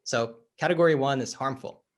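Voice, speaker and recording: A man's voice: mid-range voice, brisk. A man who is a life coach, explaining his ideas in conversation as an interview guest and acting out little dialogues as he tells stories. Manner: animated, acts out dialogue in stories.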